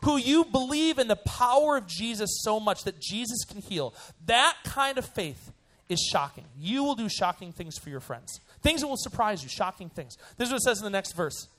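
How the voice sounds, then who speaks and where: A young man, a youth pastor, giving a joking, animated sermon to students. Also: high voice, normal speed. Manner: animated and joking, acts out voices.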